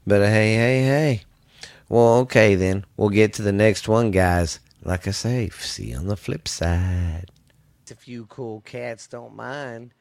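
A man hosting a podcast, talking loudly in a laid-back, profane, slangy way. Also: on the low side, a little slow, faint music behind. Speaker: podcast host. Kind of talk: casual podcast sign-off.

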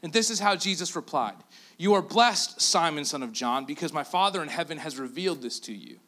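Bright-voiced animated pastor, a man. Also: fairly high pitch, a little fast. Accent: Canadian. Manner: animated storytelling, acting out quotes; drops to a near-whisper for emphasis. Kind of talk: sermon.

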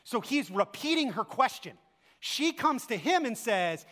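A man's voice: extremely high pitch, big pitch swings, a little slow, bright, forceful tone. A man preaching a sermon as pastor, earnest and full of rhetorical questions, recorded in a church sanctuary. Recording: long hall reverb.

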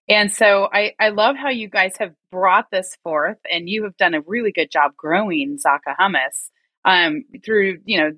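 A woman's voice: medium pitch, sharp tone, no echo. A woman from rural Oregon hosting an interview, enthusiastic and effusive with frequent laughs. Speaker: interview host. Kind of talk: conversational interview.

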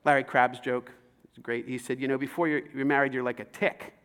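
A pastor preaching a sermon, swinging between loud emphatic lines and hushed, slowed passages. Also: male voice, medium pitch, flat delivery, clear, resonant tone.

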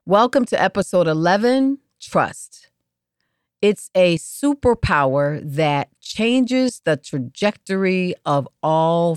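A woman hosting an inspirational podcast, speaking slowly and repeating words for emphasis. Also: lowish voice, clean tone, no echo, clean studio sound. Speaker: podcast host.

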